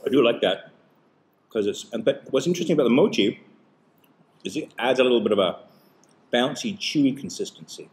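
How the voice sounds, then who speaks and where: A man talks casually as the host of a family taste-test vlog. He is chatty, walks through what he tastes in plain terms, and gently teases along the way. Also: mid-range voice, expressive, fairly quick, long pauses. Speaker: host and dad.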